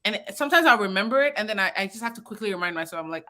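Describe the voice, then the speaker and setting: A woman chats casually as a podcast host. Her voice is bright and clear, and she tells stories in an animated way, packed with fillers and quick laughs. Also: medium pitch. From Nigeria. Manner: animated storytelling, laughs often, many fillers. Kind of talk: casual chat.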